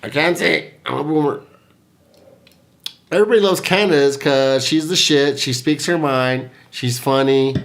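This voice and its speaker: A man's voice: a little high, measured pace, fairly bright tone. A man hosting a podcast in casual chat, tipsy from vodka shots, laughing and playful. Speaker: podcast host.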